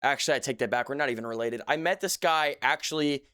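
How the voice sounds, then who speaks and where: A man's voice: mid-range voice, quick pace, pushed and bright, smooth, no echo, studio quality. A young man hosting a casual livestream, joking and playfully mock-serious, talking from a few feet back from his desk mic at his home setup. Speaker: livestream host.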